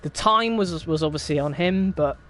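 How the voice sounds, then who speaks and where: A man's voice: on the high side, moderate pace, fairly bright tone, a little hiss or hum. A young man hosting a racing league stream, chatting casually in a wry, rambling way and laughing often. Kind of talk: casual live-stream chat.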